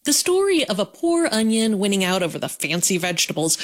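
A female reporter narrates a radio feature with a lively, varied pitch. Her delivery is expressive and storytelling. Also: brisk. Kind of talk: scripted news feature narration.

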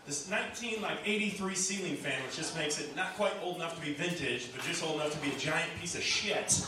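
A man doing a stand-up set, laid-back and self-mocking with crude jokes, laughs from the crowd behind him. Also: fairly high pitch. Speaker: stand-up comic. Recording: echoey club from a distant mic, crowd noise.

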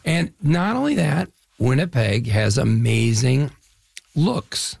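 A man's voice: mid-range voice, expressive, slow, darkish tone, no echo, studio quality. An older man from the Chicago area, an actor guest, telling stories in a casual interview with fillers and repeats. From Chicago area, US Midwest. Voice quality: gravelly, husky. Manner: enthusiastic storytelling with fillers and repeats.

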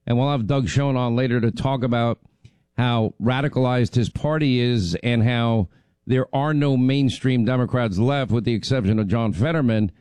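Still recovering from laryngitis, a talk radio host chats casually and rambles, using lots of fillers. His voice is medium-pitched, a little mellow, and clean, delivered at normal speed with no room sound.

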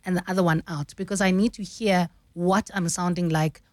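A woman's voice: lowish voice, steady tone, brisk, no room sound. A woman, a radio news anchor explaining her craft in an easy, explanatory way. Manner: explanatory, uses "you know" often. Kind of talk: studio radio conversation. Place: radio studio.

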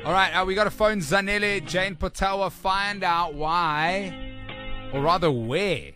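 Brief: high, lively male radio host, laughing a lot, music bed behind. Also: a little slow. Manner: giggly, animated. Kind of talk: drive-time radio chat.

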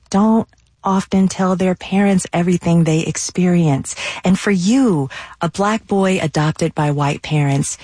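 A woman hosting a radio interview, calm and composed at a studio mic. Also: lowish voice, breathy edge, dry recording. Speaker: radio host.

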